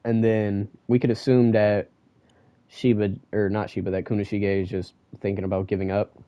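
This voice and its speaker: A young man giving a casual manga chapter review, ranting and excitable and full of slang. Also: fairly low pitch, normal speed, clean tone, no echo.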